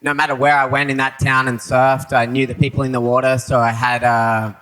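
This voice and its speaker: A man speaks calmly in a casual panel discussion. His tone is reflective and easygoing, and his pitch is in the middle of the usual range. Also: fairly quick, faint music behind, rough recording. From Australia. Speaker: surfer guest on a panel. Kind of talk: casual chat.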